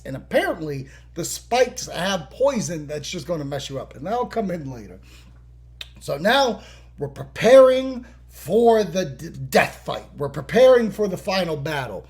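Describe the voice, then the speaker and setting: A man talks through a TV episode on his podcast, loose and profane, slipping into quick voices for the characters. His pitch swings widely as he gets worked up, and the whole thing has an easygoing, chatty feel. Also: sing-song, darkish tone. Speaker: podcast host. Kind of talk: casual episode recap.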